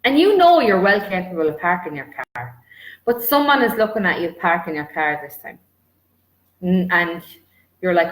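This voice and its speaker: A woman's voice: lowish voice, sing-song, normal speed. A woman giving a self-help talk in a conversational way, with many filler "like"s. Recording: roomy echoey room.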